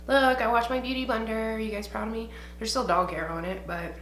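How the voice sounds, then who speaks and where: Young woman, bright forceful voice, out of breath, rambling casual chat, lots of swearing, roomy home recording. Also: a little high, steady tone, fairly quick, hardly any pauses. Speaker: beauty vlogger. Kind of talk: casual get-ready-with-me chat. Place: home room, indoors. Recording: echoey room.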